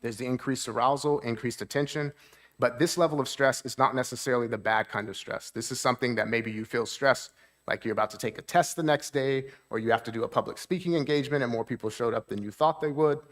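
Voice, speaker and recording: A man's voice: medium pitch, fast. A man, a therapist, giving a talk at a church seminar. He explains things plainly, keeps checking in with the audience, and lifts his voice to act out moods.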